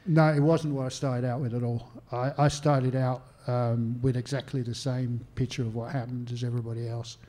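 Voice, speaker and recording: Mellow-voiced Australian man telling stories. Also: medium pitch, little pitch movement, normal speed, few pauses. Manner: anecdotal, self-deprecating, acts out phone calls. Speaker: historian and author. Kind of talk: conversational interview answers. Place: stage talk at a literary venue.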